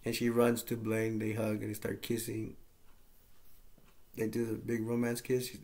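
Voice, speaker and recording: A man's voice: fairly low pitch, monotone, a little slow, a little mellow. A man casually recapping and reviewing a movie, rambling with lots of fillers and getting enthusiastic.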